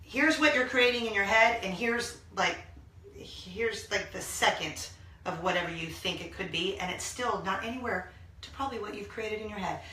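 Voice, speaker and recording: A woman in her thirties hosting a casual vlog from a small laundry room, talking excitedly and gushing to her viewers. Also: medium pitch, normal speed, a little hiss or hum. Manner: gushing, excitable, bursts into song. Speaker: vlog host. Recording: echoey small room, mic at a distance.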